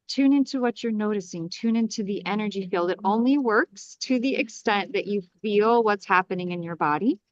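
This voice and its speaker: A woman astrologer leading a live group energy-clearing meditation, with soothing, repetitive invocations and breathing cues. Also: mid-range voice, no room sound, dull audio.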